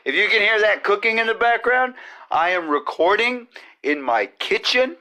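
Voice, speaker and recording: This podcast host has a high-pitched, animated voice that is bright and forceful, delivered at a moderate pace. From his home kitchen, where cooking is going on, he rambles through profane jokes in a crude comedy monologue.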